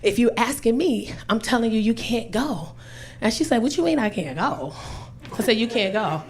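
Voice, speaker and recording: A woman in her forties doing a loud, profane stand-up set at a comedy club, telling stories brashly into a handheld mic. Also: on the high side, expressive, normal speed. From Los Angeles. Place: comedy club stage with a laughing audience. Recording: noisy live club recording.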